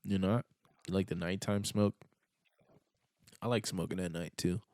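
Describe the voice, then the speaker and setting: A man's voice: low-pitched, steady tone, normal speed, a little mellow. A young man chatting casually on a podcast, laid-back and slangy, rambling with lots of fillers. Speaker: podcast guest.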